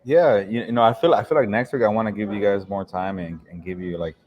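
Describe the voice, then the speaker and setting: A man co-hosting a casual football podcast, talking quickly with many fillers. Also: lowish voice, dull audio, slight background noise. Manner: rapid, filler-heavy talk. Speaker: podcast co-host, football reporter. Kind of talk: casual sports podcast chat.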